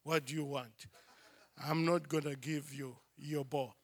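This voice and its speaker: A huge, gruff neighbor who brushes people off in short, dismissive lines, as a preacher puts him on. The voice stays gravelly and a little quieter than the storytelling around it. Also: male voice, fairly high pitch, steady tone, unhurried, voice pushed down. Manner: curt and dismissive. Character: huge tall gruff man guarding his garden.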